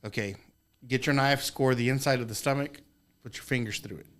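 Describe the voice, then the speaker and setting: A man in casual podcast chat, telling a fishing story with lots of profanity and lively acted-out exclamations. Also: medium pitch, fairly quick. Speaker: podcast participant.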